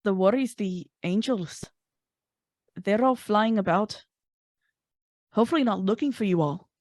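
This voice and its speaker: A woman narrating a tabletop role-playing game as its game master, describing scenes in a measured way. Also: mid-range voice, animated, darkish tone, no echo, studio quality.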